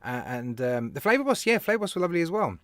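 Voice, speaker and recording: A man with a British accent hosting a casual live stream, telling stories in an animated way, laughing and talking to viewers by name. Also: on the high side, fast talker, no room sound, clean studio sound. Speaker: live show host, vape reviewer.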